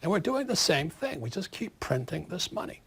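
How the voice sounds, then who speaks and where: A man in his seventies, an author giving an interview, talking in an animated, forceful way and repeating words for emphasis. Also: sits high, moderate pace, slightly rough. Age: 70s.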